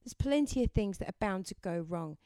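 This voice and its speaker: A woman giving a gentle, encouraging mindfulness talk and leading listeners through affirmations. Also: medium pitch, expressive, fairly quick, dry recording. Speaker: self-help speaker.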